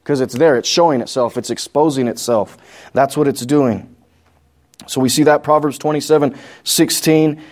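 A man's voice: medium pitch, moderate pace, darkish tone. A man with a New Mexican accent teaching a Bible study sermon, reading scripture aloud and explaining it plainly with questions to the congregation. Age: adult. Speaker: pastor.

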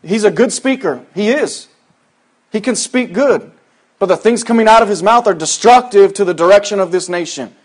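A man preaching a sermon in a folksy, conversational way, dropping soft and low, then rising to loud, high exhortation. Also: normal speed.

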